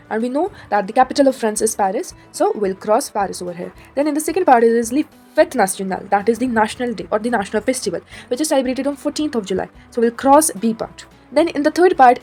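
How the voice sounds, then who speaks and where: A woman with a somewhat high voice works through French exercises one at a time, explaining each answer methodically. Soft music plays faintly beneath her. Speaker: French teacher.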